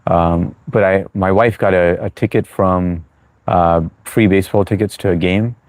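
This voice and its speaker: Guy doing a livestream q&a, deep voice, lots of ums, friendly and reassuring, dry sound. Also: fairly even intonation, moderate pace, a little mellow, dry recording. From United States. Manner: chatty, reassuring, reads chat aloud, many fillers. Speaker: livestream host. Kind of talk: live chat Q&A. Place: New York.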